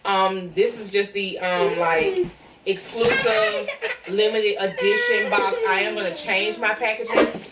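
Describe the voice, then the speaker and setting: A young woman excitedly unboxing and showing her own lash brand in a casual, rambling vlog. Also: mid-range voice, a little slow, heavy background noise. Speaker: vlogger launching a lash brand. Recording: roomy and distant with music behind.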